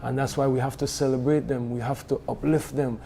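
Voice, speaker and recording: A man from Belize speaks in a mellow, darkish voice. He talks in an animated way, full of fillers and restarts. A faint hum of ambience sits behind him. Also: medium pitch, fairly quick, gravelly. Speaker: music event organizer. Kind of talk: casual studio conversation.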